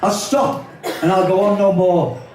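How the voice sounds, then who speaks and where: Older Liverpool man, live poetry recital, high voice, distant and echoey. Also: fairly even intonation, a little slow, crowd noise. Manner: rhythmic, wry delivery with spoken asides. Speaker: poet performing his own work. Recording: echoey hall, voice from off-mic.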